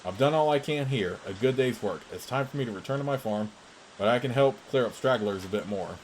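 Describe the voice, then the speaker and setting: A man's voice: medium pitch, fairly quick, a little hiss or hum, close to an everyday voice, rough recording. Man reading weary relieved farmer character, plain everyday voice.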